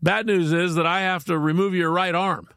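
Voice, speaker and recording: Calm, polite male surgeon, creaky and dry, a man voicing him in a joke. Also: sits high, moderate pace, no echo. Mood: matter-of-fact.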